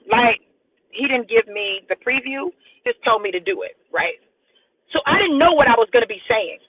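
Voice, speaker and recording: A woman preacher giving an emphatic, repetitive prophetic sermon on a live stream, speaking straight to her viewers. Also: high voice. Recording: tinny phone-like audio with faint noise.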